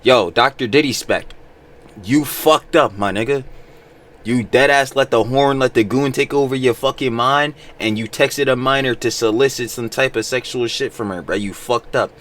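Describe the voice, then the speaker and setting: A man's voice: medium pitch, moderate pace, a bit bright. A man hosting a reaction video, talking back at a clip with blunt, exasperated commentary full of swearing.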